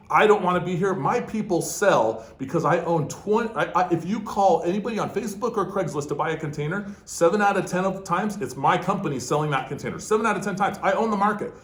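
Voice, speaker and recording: A man's voice: fairly high pitch, reverberant. A man telling a business story with emphasis, acting out the dialogue and stopping often to check in with "okay?". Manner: animated, emphatic, acts out dialogue, frequent "okay?". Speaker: guest entrepreneur.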